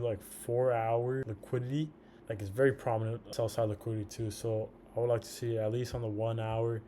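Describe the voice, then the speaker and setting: A man's voice: on the low side, mellow, slight background noise. A man with a slight lisp from a retainer, rambling casually through a profane trading recap. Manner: rambling, profane, says "bro" a lot. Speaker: day trader.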